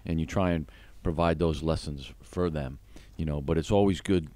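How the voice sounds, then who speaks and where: Very deep-voiced radio host. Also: male voice, mellow. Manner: measured, asks long questions. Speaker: radio show host, athletic director. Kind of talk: radio interview. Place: radio studio.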